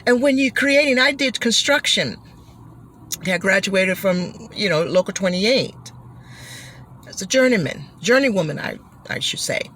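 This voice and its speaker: Animated woman giving a motivational talk. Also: medium pitch, a little slow, a little hiss or hum. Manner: animated, acts out gasps and shouts. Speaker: motivational speaker.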